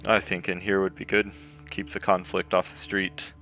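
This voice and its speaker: A man playing a tabletop game, speaking in a measured, wry way. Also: low-pitched, level tone, sharp tone, faint music behind. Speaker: player. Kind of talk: casual tabletop play.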